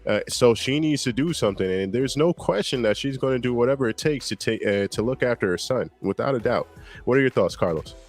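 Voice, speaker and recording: A man with a mid-range voice co-hosts a relaxed reaction chat. He talks in slang and laughs often. Faint music runs in the background. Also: mid-range voice, a little fast. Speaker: podcast co-host.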